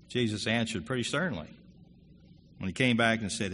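A man preaching a sermon, earnest and conversational, growing louder when he reads scripture aloud. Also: medium pitch, normal speed, long pauses. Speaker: pastor. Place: church hall. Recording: long hall reverb with faint room noise.

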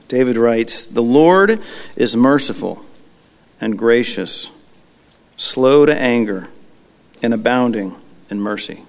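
Man preaching in a reverberant hall. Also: mid-range voice. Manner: conversational, reflective, asks rhetorical questions. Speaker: pastor. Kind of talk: sermon teaching.

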